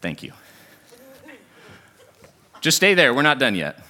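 Lively pastor guy preaching, bright voice, keeps asking the room questions. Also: mid-range voice, takes it slowly. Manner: animated, talks with the congregation and asks questions often. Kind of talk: sermon with audience interaction. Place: church sanctuary.

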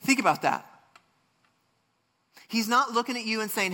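A man's voice: very high-pitched, fast, long pauses, sharp tone. A man preaching a sermon, reading scripture and speaking earnestly, with frequent restarts and passionate rises. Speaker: pastor.

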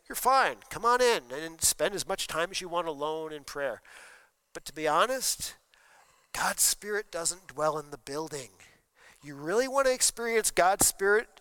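Clear-voiced man preaching a sermon. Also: fairly high pitch, a bit bright, no room sound, poor audio. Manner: conversational preaching with questions to the congregation. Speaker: pastor. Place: church sanctuary during a service.

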